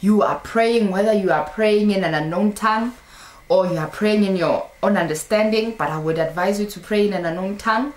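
A woman giving a casual spoken sermon to camera, animated and scolding with teasing asides. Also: mid-range voice, fairly quick, reverberant. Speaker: Christian teacher.

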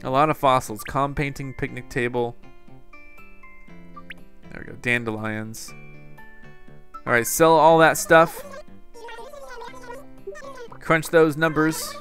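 Man, gaming channel host, casual playful commentary with a mid-range voice and soft game music underneath. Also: mid-range voice, slow pace, long pauses. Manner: playful, jokey, self-mocking asides. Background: faint game music.

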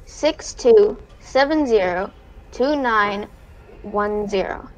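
A woman's voice: mid-range voice, slow, rough recording. A woman chatting casually while playing a game, hesitant and trailing off with fillers, over a voice chat mic. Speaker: game player. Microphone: gaming voice chat mic.

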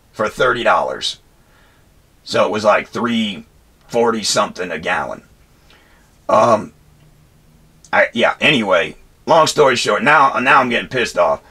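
A man vents about a run-in in a rambling, heated rant, swearing freely and repeatedly restarting his sentences. His voice has a bright, forward edge with a husky grain. He speaks as a Marine veteran talking straight to his viewers. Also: mid-range voice. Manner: profane, angry, rambling with restarts and "anyway". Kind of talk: heated personal storytelling rant.

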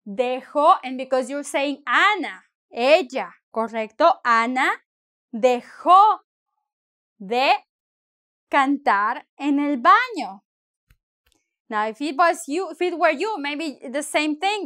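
A woman teaching a bilingual lesson, deliberately, switching between English and with playful asides. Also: high-pitched, a bit bright. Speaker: Spanish teacher.

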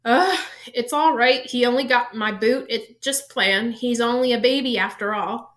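Woman reader doing a gentle giant gamekeeper, high, puffing, teary and fond. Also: normal speed, lightly acted. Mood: fussing. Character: big gentle male half-giant gamekeeper, tearful.

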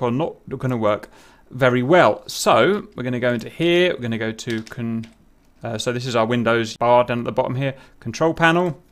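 A man casually explaining a software setup step by step in a screen-recorded tutorial, with fillers and asides. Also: medium pitch. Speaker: tutorial host.

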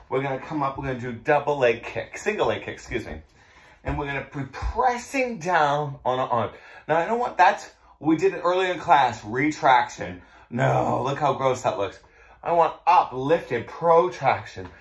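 A man with a Boston accent cueing a mat Pilates class, playful and jokey as he counts through the moves. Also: fairly high pitch. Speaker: Pilates instructor.

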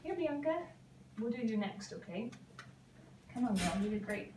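A woman's voice: medium pitch, normal speed, darkish tone, slight background noise. A woman training a dog, coaxing it with short repeated cues and explaining the steps as she goes. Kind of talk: live training session with commentary to camera. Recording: echoey, from a distant camera mic.

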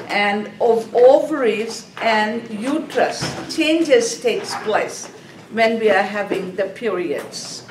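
Female nursing instructor, drills terms by repetition; slightly high voice, distant room mic with faint hiss. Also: echoey room. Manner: repetitive, drilling key terms, checks in with class. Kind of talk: classroom lecture. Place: classroom.

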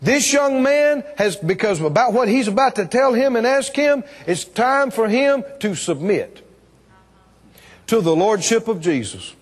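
A man's voice: very high-pitched, very animated, measured pace, big-room sound. A man preaching a revival sermon, emphatic and calling on the congregation to answer back. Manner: emphatic, call-and-response with the congregation. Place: church or meeting hall.

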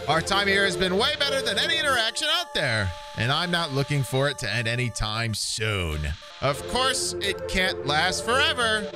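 A man's voice: a little high, pitched above the performer's own voice. A man voicing a smug, sinister talking flower villain in a taunting, sneering voice.

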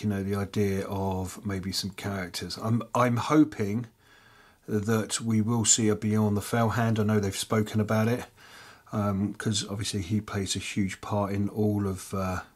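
A man hosting a casual miniature-painting tutorial, rambling with lots of fillers and muttering softly to himself as he paints, chewing peanuts as he talks. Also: on the low side, flat delivery, measured pace, husky. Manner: rambling, chatty, many fillers; chewing peanuts while talking. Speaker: miniature painting hobby channel host.

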